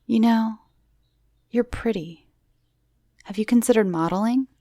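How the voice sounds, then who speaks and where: A woman voicing a pushy, smooth-talking male photographer who flatters and coaxes, in a storytelling recording. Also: measured pace, no room sound, clean studio sound. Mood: flattering. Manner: wheedling, pushy sales pitch.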